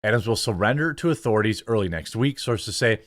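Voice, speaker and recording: A man's voice: lowish voice, lively intonation, brisk, no echo, clean studio sound. A man hosting a political commentary show, reading news articles aloud and breaking in with sarcastic, opinionated remarks. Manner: sarcastic, opinionated asides between quoted passages.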